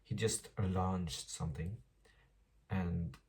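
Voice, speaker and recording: Gravelly low-voiced young man rambling. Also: normal speed, a little mellow, recorded from a distance. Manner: chatty, rambling, self-deprecating, swears playfully. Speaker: vlogger. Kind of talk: casual diary vlog while doing makeup.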